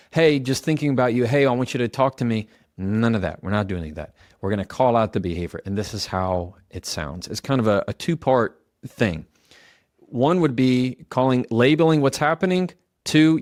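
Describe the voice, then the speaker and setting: A man's voice: mid-range voice, no echo, studio quality. A man giving a motivational advice talk, speaking directly and coaching the listener, often repeating example phrases aloud.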